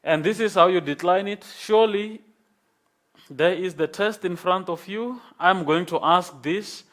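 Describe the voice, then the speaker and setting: Guy teaching a class, slow patient talk, voice a bit high. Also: a bit bright. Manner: slow, patient explaining with repeated "okay?". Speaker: lecturer. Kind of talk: online class lecture.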